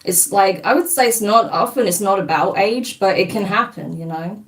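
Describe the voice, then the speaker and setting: A woman's voice: mid-range voice, normal speed, far from the mic, rough recording. A woman in her thirties, a spiritual reader hosting a live stream, talking casually and rambling with lots of fillers. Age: 30s.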